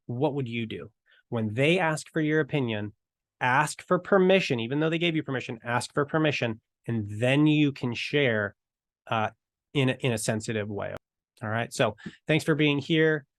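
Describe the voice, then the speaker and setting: A man's voice: medium pitch, dry recording, clean studio sound. A man teaching evangelism in a casual talk to camera, acting out bits of conversation as he goes. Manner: conversational, acts out dialogue in quick asides.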